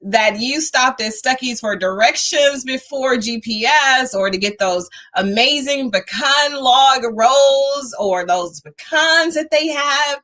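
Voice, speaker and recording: A woman's voice: high voice, sharp tone. A woman hosting a talk show, chatting upbeat and motivational to her livestream viewers while she waits for a guest.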